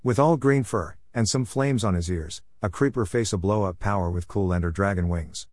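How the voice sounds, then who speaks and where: A man reading a story aloud chapter by chapter, halting now and then with small restarts. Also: fairly low pitch, darkish tone, no room sound.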